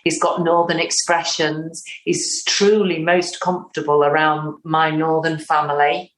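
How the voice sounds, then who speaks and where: A woman in her fifties with a Northern English accent, a playwright and actor giving a lively interview and acting out lines of dialogue as she talks. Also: low-pitched, measured pace, echoey room, slight background noise, rough recording. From North West England. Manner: animated, acts out quotes.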